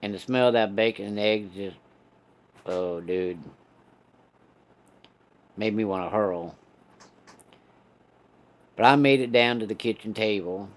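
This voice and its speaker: A man's voice: on the low side, unhurried, long pauses. A man telling a casual story in a folksy, profane, laid-back way.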